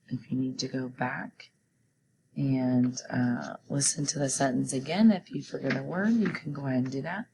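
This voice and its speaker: A woman teacher giving a recorded spelling test, reading each word slowly and deliberately and pronouncing it clearly. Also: rumbling low, warm tone, slight background noise, rough recording. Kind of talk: recorded classroom spelling dictation.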